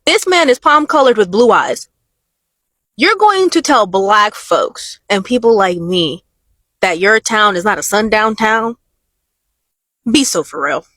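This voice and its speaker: A woman's voice: mid-range voice, expressive, measured pace, long pauses, a bit bright, no room sound. A woman giving indignant, scolding direct-to-camera commentary. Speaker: social media commentator.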